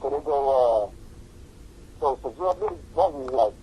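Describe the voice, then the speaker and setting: A man's voice: medium pitch, moderate pace, pauses often, warm tone, husky, low-quality recording. A middle-aged man, a music producer being interviewed, telling a long, rambling story in casual slang, full of fillers and quoted voices.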